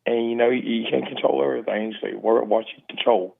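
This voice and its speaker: A man with a Southern accent calling in, mumbling and talking fast in casual chat. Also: medium pitch, fairly even intonation, vocal fry, slightly rough. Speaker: caller. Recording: tinny phone line.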